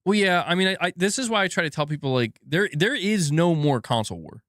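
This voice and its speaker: Animated rambling man streaming game news. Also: sits high, fast talker, no room sound, clean studio sound. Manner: rambling, animated, swears and laughs, reads viewer comments. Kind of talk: casual live-stream commentary.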